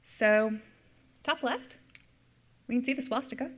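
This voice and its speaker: A middle-aged woman delivers a history lecture in a slightly high voice. She explains step by step, circling back to restate her key points for emphasis. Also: measured pace, a bit bright. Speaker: history professor giving a lecture. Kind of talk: lecture with slides.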